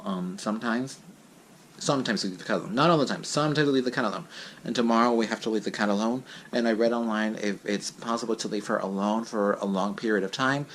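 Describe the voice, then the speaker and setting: Young male vlogger, chatty and dramatic, mid-pitch voice, faint hiss behind. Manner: chatty and dramatic, with restarts and laughs. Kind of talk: casual vlog talk. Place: home.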